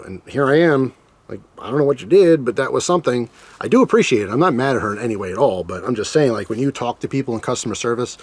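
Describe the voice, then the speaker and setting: A man's voice: mid-range voice, expressive, quick pace, no room sound. A man casually telling a personal story to his viewers, joking and acting out his own reactions. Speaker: storytime vlogger.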